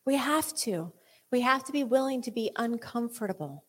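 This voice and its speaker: High-voiced fervent woman preaching. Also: expressive, moderate pace, a bit bright, breathy edge. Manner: fervent, exhorting, rising into impassioned prayer. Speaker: worship leader. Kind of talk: sermon and spoken prayer. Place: church sanctuary.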